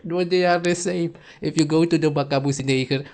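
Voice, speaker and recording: A man's voice: fairly high pitch, fairly even intonation, fairly quick, a little mellow. Ranting man. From Suriname. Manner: heated, insulting, repetitive. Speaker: commentator. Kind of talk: angry reaction rant.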